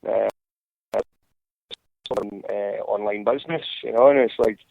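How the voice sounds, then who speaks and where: A man's voice: on the low side, measured pace, creaky. A Scottish man chatting casually and profanely, rambling with many restarts, as a podcast host. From Scotland. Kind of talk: casual chat over a call. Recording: tinny phone-line sound.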